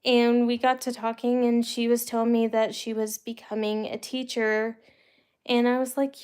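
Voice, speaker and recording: Her voice is fairly high, a little mellow, clear and resonant, with a level tone at a moderate pace. She's a young adult from the United States hosting a livestream, casually telling live viewers rambling personal stories in a chatty way, laughing occasionally.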